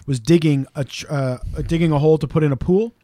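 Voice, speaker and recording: A man with a fairly high, mellow voice tells stories in an easy, animated chat. He sometimes slips into quick voices for the people he describes. The sound is dry and close. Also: dry recording. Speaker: podcast co-host. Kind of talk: casual storytelling chat.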